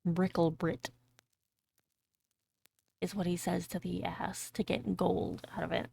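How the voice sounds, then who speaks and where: A woman's voice: on the low side, level tone, normal speed, vocal fry, warm tone, slight background noise. A woman streamer reading a fairy tale aloud on a live stream, breaking off for crude, joking asides to her chat. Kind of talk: casual live-stream storytelling.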